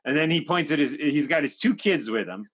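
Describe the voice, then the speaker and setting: A man's voice: a little high, expressive, fairly quick, fairly bright tone. A man in his fifties hosting a live stream, telling a long anecdote in a chatty way with many fillers and restarts. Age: 50s. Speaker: talk show host. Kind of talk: animated storytelling. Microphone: live stream microphone.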